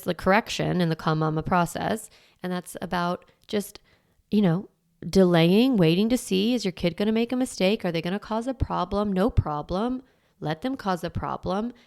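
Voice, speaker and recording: A middle-aged woman hosting a parenting podcast, teaching in a chatty way full of "like" and quick restarts. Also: mid-range voice. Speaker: parenting coach and podcast host. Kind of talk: casual solo podcast teaching.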